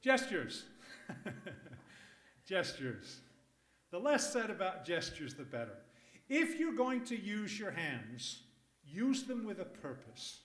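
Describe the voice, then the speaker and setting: A man's voice: sits high, slow, long pauses. A man teaching public speaking to a live audience in a workshop, emphatic and jokey. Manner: lively, emphatic, jokey asides. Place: conference room. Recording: echoey room.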